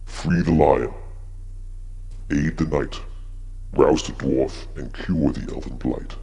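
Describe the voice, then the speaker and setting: A man voicing a deep gravelly ancient oracle. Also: dark tone, heavily acted. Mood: solemn. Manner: intoning rhymed prophecy slowly. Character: ancient solemn male oracle voice. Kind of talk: tabletop game narration.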